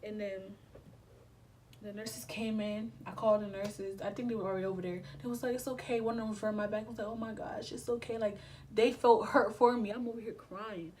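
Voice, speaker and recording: A woman's voice: medium pitch, steady tone, fairly quick, a little mellow, slight background noise, poor audio. A young woman telling a storytime vlog in an emotional, slangy way, swearing often and acting out her past reactions. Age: young adult. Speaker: vlogger.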